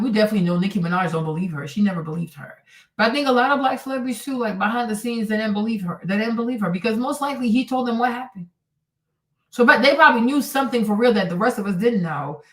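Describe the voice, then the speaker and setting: A woman hosts a livestream, reacting to clips in a blunt, exclamatory manner, her fairly high pitch swinging widely. The audio is roomy and echoey, as though the mic were across the room from her.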